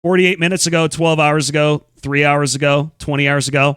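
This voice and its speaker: A man's voice: on the high side, steady tone, a little fast, few pauses, fairly bright tone, smooth, dry recording, clean studio sound. A man hosting a stream, reading and reacting in casual commentary, blunt and incredulous, swearing freely. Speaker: streamer host.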